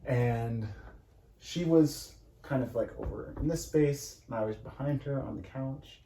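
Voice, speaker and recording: A man's voice: mid-range voice, unhurried, roomy sound, background noise. A man casually recapping an acting class at home, rambling with many fillers and restarts. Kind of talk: casual storytelling chat. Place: home room.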